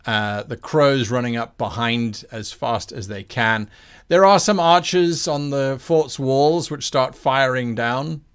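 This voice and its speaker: A man running a tabletop game as game master, narrating scenes in a measured way with fillers. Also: medium pitch, a bit bright, clean tone.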